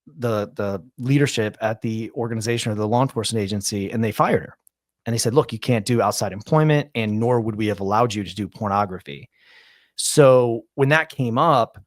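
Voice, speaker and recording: A man in his forties hosting a podcast, telling a long story in a rambling, animated, casual way. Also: on the low side, dry recording, studio quality. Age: 40s. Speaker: podcast host.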